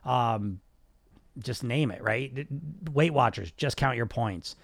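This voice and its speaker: A man's voice: mid-range voice, no room sound. A man coaching weight loss in an emphatic monologue, swearing freely and firing off rhetorical questions. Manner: emphatic, profane, rapid talk with rhetorical questions. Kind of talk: podcast monologue.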